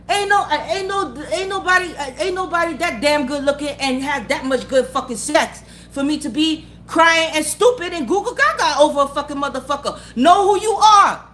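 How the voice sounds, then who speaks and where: A woman's voice: sits high, moderate pace, a bit bright, a little hiss or hum. A woman giving a blunt, profane motivational talk. She repeats her points and keeps asking the listener whether they follow. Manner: asks the listener for agreement again and again. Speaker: motivational vlogger. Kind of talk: unscripted motivational rant.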